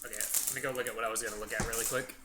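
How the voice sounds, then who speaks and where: A man's voice: mid-range voice, flat delivery, very fast, loud music behind the voice. A man casually commenting as he plays a video game, chatting aside to a little child now and then. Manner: chatty, talks to his baby and the game. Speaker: gaming channel host. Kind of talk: casual let's-play commentary.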